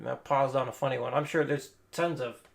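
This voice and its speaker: With a steady, brisk, gravelly mid-range voice, this stream host and guitar teacher rambles through a casual reaction to a guitar lesson video, swearing occasionally. Electric guitar can be heard in the background.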